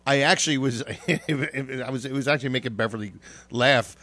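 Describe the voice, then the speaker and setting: A man's voice: mid-range voice, moderate pace, pushed and bright. Profane, emotional man telling a story. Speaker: radio show co-host. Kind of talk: casual podcast chat.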